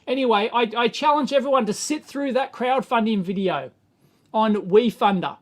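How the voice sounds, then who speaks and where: A man's voice: very high voice, normal speed. A middle-aged Australian man hosting a casual electronics livestream, rambling and exasperated, chuckling as he answers the chat.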